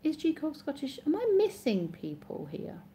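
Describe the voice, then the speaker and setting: Her voice sits high and swings hugely in pitch, mellow and at a moderate pace, as this English-accented woman from Oxfordshire chats on a live stream. She reads viewer comments aloud, rambling and correcting herself while answering, with a little hiss or hum audible.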